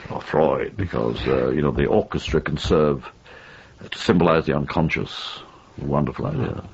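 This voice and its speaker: A man's voice: a bass voice, lively intonation, moderate pace, gravelly, husky. An older man from England, a novelist giving an interview, talking in a wry, opinionated way with lots of restarts and fillers, on an old, dull archival tape. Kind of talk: conversational interview.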